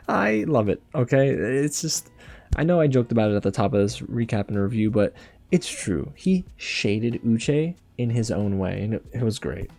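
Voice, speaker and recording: A man delivers a casual reality TV recap with a mellow, darker tone. He talks in an animated, gossipy way and laughs often. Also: mid-range voice, unhurried, creaky. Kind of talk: casual review monologue.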